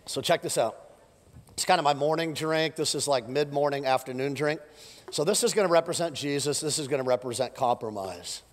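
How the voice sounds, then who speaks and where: Animated pastor with a fraying voice. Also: male voice, fairly high pitch, a little fast. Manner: joking, animated, swings from loud jabs to soft asides. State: losing his voice. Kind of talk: energetic sermon. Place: church auditorium with live congregation. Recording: long hall reverb.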